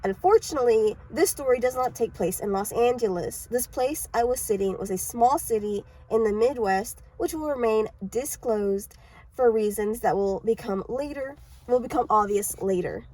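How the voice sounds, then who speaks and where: A woman giving a casual book summary and then reading aloud, halting and mumbly, with frequent coughs and restarts. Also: a little high, dark tone, poor audio. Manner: mumbly, self-described. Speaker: amateur reader.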